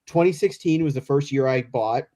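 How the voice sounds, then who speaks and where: A man's voice: mid-range voice, normal speed, dark tone. A man from the Chicago area, a guest on a remote call, telling rambling stories full of tangents and apologies. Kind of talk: casual chat. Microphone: remote call mic.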